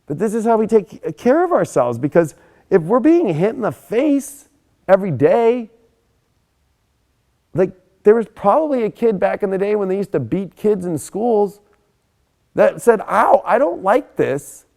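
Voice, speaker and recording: Young adult man, astrology presenter, casual live monologue, animated, profane, emphatic. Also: high-pitched, a little slow.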